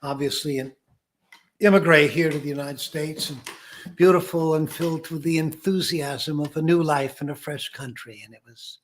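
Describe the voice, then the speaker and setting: A man's voice: fairly high pitch, steady tone, normal speed, slight background noise. An older man hosting his own show, chatting casually to the camera in a rambling, self-deprecating way with many fillers. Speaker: host. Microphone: camera mic.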